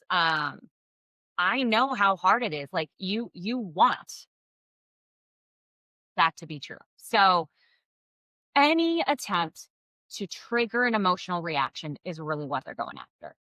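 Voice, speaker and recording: A woman giving blunt, expressive co-parenting advice straight to her viewers, swearing freely. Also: on the low side, dry recording, rough recording. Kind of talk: casual advice to camera.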